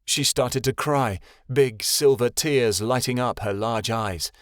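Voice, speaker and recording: A man's voice: mid-range voice, takes it slowly, no echo, clean studio sound. Man narrating a fantasy audiobook. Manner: steady storytelling, voices every character.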